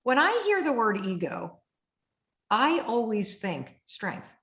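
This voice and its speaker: Animated middle-aged woman, roomy echo. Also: a little high, slow pace. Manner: animated, vivid storyteller. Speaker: host. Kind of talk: conversational interview.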